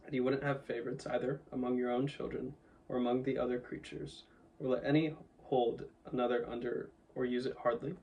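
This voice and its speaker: A man voicing a wise, commanding male lion who speaks in a solemn, measured way, with some distance from the mic. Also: mid-range voice, little pitch movement, vocal fry, warm tone, dull audio, lightly acted.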